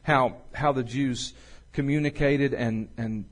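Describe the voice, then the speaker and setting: A man preaching a sermon as pastor, slowing and swelling when he reads scripture. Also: medium pitch, steady tone. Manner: folksy, swells louder and slower on scripture.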